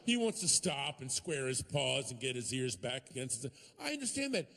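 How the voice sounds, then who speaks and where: A man with a high, tenor voice performing stand-up comedy. His storytelling is animated, with sudden shouted punchlines. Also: moderate pace, slight background noise. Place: comedy stage before a live audience.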